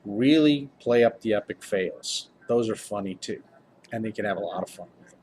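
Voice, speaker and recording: A man's voice: lowish voice, normal speed, a little mellow, slight background noise. A tired man, a game master, giving casual tips to camera in a rambling, upbeat way. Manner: rambling, self-interrupting, upbeat.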